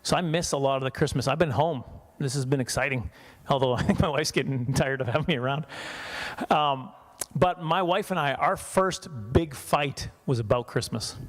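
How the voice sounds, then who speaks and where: A man's voice: mid-range voice, moderate pace. A man in his forties from Saskatchewan doing a chatty, self-mocking stand-up comedy set, laughing at his own jokes. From Saskatchewan, Canada. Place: church hall.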